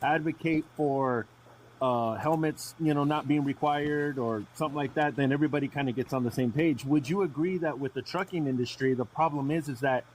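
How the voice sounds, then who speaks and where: A man's voice: on the high side, a little fast, a little hiss or hum, rough recording. Probing podcast host man, restarting sentences. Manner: probing, repeats himself, restarts. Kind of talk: live podcast discussion.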